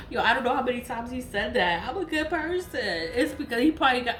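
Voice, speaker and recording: A woman's voice: mid-range voice, slight background noise. A woman vlogger venting in a profane, repetitive monologue to camera. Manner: venting, profane, repeats herself. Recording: echoey room with faint ambience.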